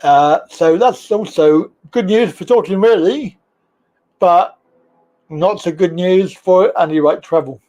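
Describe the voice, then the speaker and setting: This is a man with a Birmingham accent chatting on his own live stream. His voice sits high, and he rambles casually from one subject to the next, teasing whoever comes on. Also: takes it slowly, darkish tone. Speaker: livestream host.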